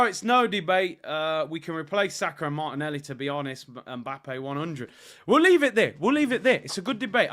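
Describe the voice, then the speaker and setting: A young man chats on a casual fan livestream. His voice sits a little high, and he swings from quiet muttering to loud, animated exclamations. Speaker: football channel host. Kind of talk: casual live-stream fan chat.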